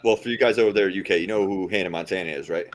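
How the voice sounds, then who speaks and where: A man's voice: deep voice, racing. A man co-hosting a casual group chat over a video call, swearing and laughing as he reads out game cards. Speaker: co-host reading the game cards.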